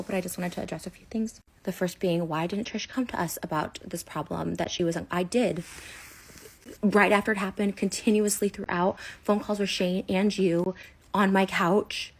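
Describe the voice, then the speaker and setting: Upset woman in her 30s venting to camera, talks super fast, keeps restarting. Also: mid-range voice, vocal fry, a little mellow. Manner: upset, rapid and repetitive, many "like"s and restarts. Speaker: online personality. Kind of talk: emotional personal rant to camera.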